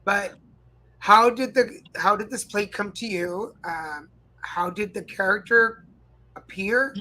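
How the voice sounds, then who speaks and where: A man's voice: sits high, takes it slowly, pushed and bright, rough recording. A man hosting a live-stream interview, asking long rambling questions that stop and restart. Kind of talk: casual interview.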